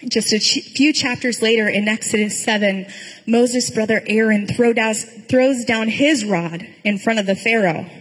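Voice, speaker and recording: A pastor giving a sermon in a conversational storytelling way, with dry humor. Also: female voice, on the high side, husky, big-room sound, low-quality recording.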